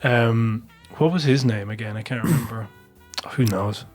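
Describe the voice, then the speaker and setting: A man's voice: medium pitch, unhurried, faint music behind. A man on a podcast telling a long, rambling anecdote with plenty of swearing. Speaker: podcast co-host. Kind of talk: casual podcast chat.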